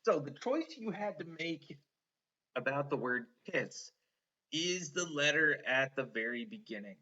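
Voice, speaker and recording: A man's voice: on the high side, animated, unhurried, sharp tone, highs cut off. A man teaching a one-on-one spelling lesson, patiently sounding out words letter by letter and encouraging the student.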